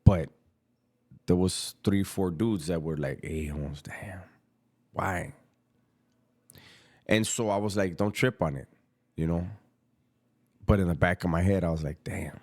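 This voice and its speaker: A middle-aged man, telling a story about prison in casual street slang, unhurried and reflective. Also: deep voice, a little mellow.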